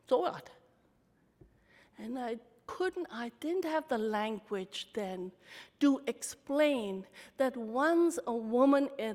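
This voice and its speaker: Middle-aged woman, talk at a conference, candid animated storytelling, long hall reverb. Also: a little high. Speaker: conference speaker.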